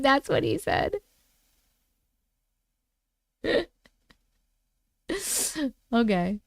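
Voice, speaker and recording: A playful woman host chats on a livestream in a smooth, clear voice that sits a little high. She takes her time, drawing out her words, and the sound is close and dry. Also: lively intonation, unhurried, dry recording. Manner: playful, chatty, talks to herself. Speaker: host reading viewer stories. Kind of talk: casual livestream chat.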